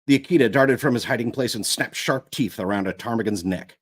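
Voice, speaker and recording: A man's voice: mid-range voice, brisk, breathy edge. A man narrating an audiobook live, going back over lines when he stumbles. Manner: rereads lines after stumbles. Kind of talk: reading an audiobook aloud.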